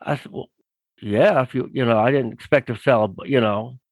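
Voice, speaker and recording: A man's voice: mid-range voice, a little fast, dry recording, low-quality recording. A man telling a story casually as a guest author, rambling with many fillers and doing voices for the people in it.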